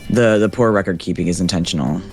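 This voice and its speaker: A man co-hosts a casual podcast, trading blunt, profane banter with his partner. His voice sits fairly low for a man. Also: fast talker, faint music behind. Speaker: podcast co-host. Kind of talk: casual chat.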